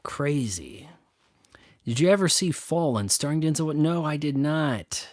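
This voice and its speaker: A man's voice: a little high, moderate pace, no room sound. Guy rambling about movies, stop-start, sarcastic, dry close mic. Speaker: youtube host. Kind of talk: casual solo chat answering viewer questions.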